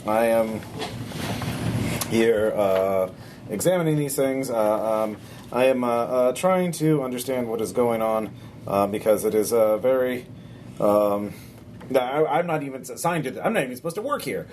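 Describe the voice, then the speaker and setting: A prim, condescending cyborg priest, as a man puts him on for a tabletop game, holding his middle-pitched voice level. He rambles in halting starts, stumbling over filler sounds, and keeps a faint hum of noise in the background. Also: expressive, darkish tone, lightly acted. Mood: flustered. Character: fussy, condescending male cyborg tech priest.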